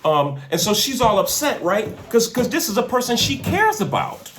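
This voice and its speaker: Exhorting male preacher, lively high voice. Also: normal speed, echoey room. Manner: energetic, exhorting, street slang, repeats words. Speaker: podcast host and minister. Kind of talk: preaching-style podcast talk. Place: in a car.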